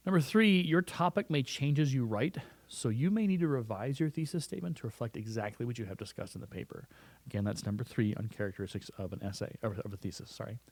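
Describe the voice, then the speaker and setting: Man, writing teacher, quick talker, dry close sound, conversational with restarts. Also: mid-range voice, a little mellow, dry recording. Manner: conversational, repeats words and restarts. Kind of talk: recorded classroom lesson. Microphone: close studio mic.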